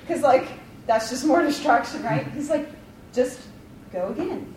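A fairly high-voiced woman gives a casual devotional talk, rambling warmly through likes and ums with a self-deprecating touch. She sits back from the mic in a roomy, echoey space, with a faint hum of ambience behind her. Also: expressive, normal speed, distant mic. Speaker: Bible study leader.

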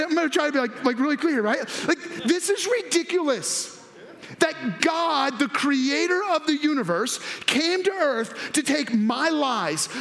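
High-voiced, excitable male preacher. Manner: excitable and animated, swinging between hushed and loud, half-laughing. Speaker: pastor. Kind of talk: sermon.

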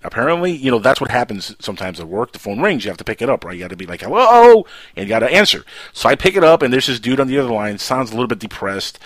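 A man hosting a podcast and telling a long story in casual chat, rambling and animated. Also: mid-range voice, very fast, few pauses, no room sound. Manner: rambling, animated, keeps saying "check this out". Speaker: podcast host.

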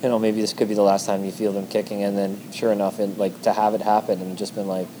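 A man's voice: on the low side, little pitch movement, quick pace. A man in casual conversation, speaking earnestly and reflectively, often restarting his sentences. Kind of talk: casual chat. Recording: noticeable background noise.

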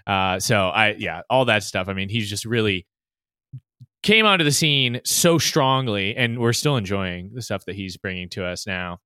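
Bright, crisp man on a dry mic. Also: lowish voice, moderate pace, dry recording. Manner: enthusiastic, with many fillers. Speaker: podcast co-host or guest. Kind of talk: casual movie discussion.

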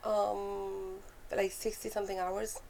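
A woman's voice: medium pitch, little pitch movement, slow pace, vocal fry, darkish tone. A woman comedian guest in a casual interview, telling a story with energy and stopping to grope for words.

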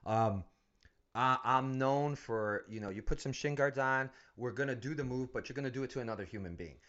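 A man's voice: mid-range voice, brisk, fairly bright tone, lo-fi sound. A man who coaches fighters, chatting casually and profanely, telling stories with frequent laughs. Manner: profane, storytelling, laughs often. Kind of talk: casual podcast chat.

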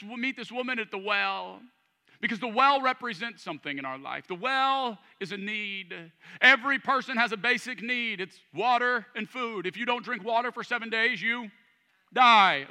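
A man preaching from the pulpit in a fairly high, piercingly bright voice. He reads scripture and presses his points home with building emphasis. His words ring out through a church hall with a long reverb. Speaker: pastor. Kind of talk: sermon. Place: church sanctuary.

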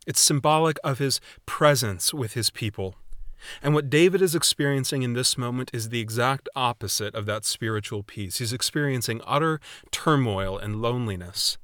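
A man preaching a sermon in a measured, earnest way, with readings from scripture. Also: medium pitch, fairly bright tone, no echo, studio quality. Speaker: pastor.

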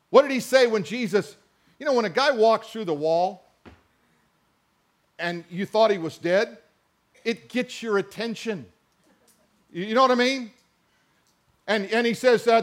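A high-pitched man delivering a sermon. He stretches scripture lines out slowly and stresses them hard. Now and then he asks the congregation to say words back with him. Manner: emphatic, drawn-out scripture reading, calls to the congregation. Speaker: preacher.

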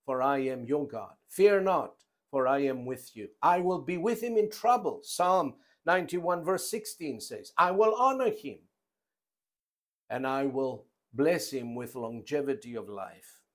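Slow, emphatic preaching man. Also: mid-range voice, animated. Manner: emphatic, rising and falling in loudness, slow deliberate phrasing. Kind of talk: sermon.

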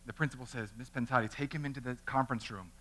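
A man in his thirties, a pastor, preaching a sermon through an animated personal story and acting out the voices in it. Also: medium pitch, fast talker.

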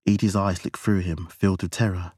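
A man narrating a novel with measured, even storytelling. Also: low voice, husky, no echo, clean studio sound. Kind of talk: audiobook narration.

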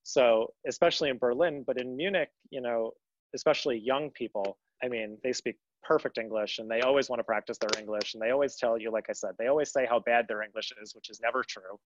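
A man's voice: medium pitch, fast talker, muffled recording, slight background noise. A young man talking about his time abroad in an interview, earnest and rambling, often restarting his sentences. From United States. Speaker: guest. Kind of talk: conversational interview.

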